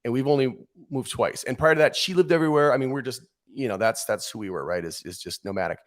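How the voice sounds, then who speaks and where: A man in his forties, a podcast guest telling rambling stories in casual chat, with frequent restarts. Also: medium pitch. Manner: animated rambling storyteller, quick restarts.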